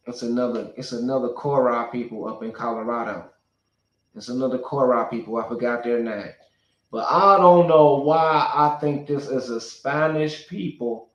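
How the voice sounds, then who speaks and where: A man holds forth on his own channel in a rambling, speculative way, thinking aloud and often restarting mid-sentence. His voice sits at an ordinary middle pitch, and the room around him rings with a noticeable echo. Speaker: YouTuber. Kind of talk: rambling monologue.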